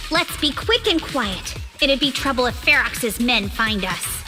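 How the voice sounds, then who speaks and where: An actress voicing an energetic young woman ally in a game, urgent and encouraging. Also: high-pitched, measured pace, over music. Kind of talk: game character voice acting.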